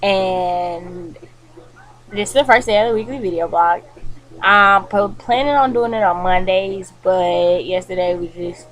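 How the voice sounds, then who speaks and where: A young college woman talks to her camera from her bed, casual and chatty. She leans on fillers like um and like and keeps an animated, conversational tone. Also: medium pitch, unhurried, low-quality recording. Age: young adult. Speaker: college student vlogger. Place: bedroom, indoors.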